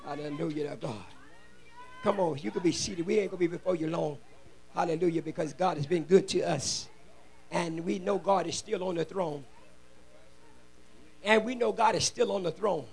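A man preaching a shouted revival sermon in a church, fervently chanting and exhorting the congregation in call-and-response. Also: a little high, normal speed, pauses often. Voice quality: gravelly, husky. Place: church sanctuary.

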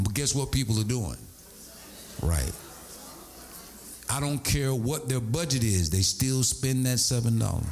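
A man's voice: mid-range voice, a little hiss or hum. A middle-aged man preaching a sermon, telling stories with sing-song swells and asides. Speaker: pastor.

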